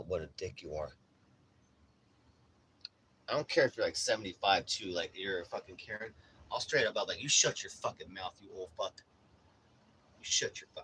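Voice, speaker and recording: A man's voice: medium pitch, a bit bright, slight background noise, low-quality recording. A young man hosting a live stream, ranting casually and bluntly with constant swearing and "bro". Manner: profane, blunt, swaggering, says "bro" a lot. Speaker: livestream host. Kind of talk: casual rant to a live chat.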